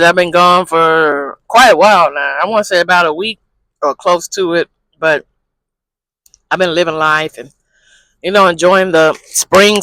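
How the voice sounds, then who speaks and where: A man's voice: high-pitched, pushed and bright, dry recording, rough recording. A man hosting his own vlog from a parked car, talking candidly in a rambling, slangy, profane way. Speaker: vlogger, channel host. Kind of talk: casual talking-head vlog. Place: parked car in a parking lot.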